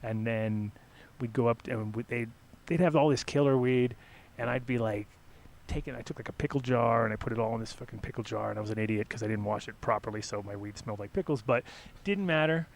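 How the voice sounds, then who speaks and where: A middle-aged podcast host tells stories casually, swearing freely and using lots of fillers in an animated way. His mid-range voice is a little fast, with vocal fry.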